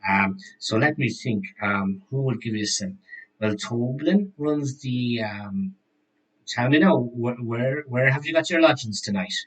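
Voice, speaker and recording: A man's voice: mid-range voice, lively intonation, unhurried, lightly acted, rough recording. A man doing a rambling, gossipy frontier shopkeeper. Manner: rambling, hesitant, full of restarts. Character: chatty middle-aged male frontier shopkeeper, gossipy. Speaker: game master.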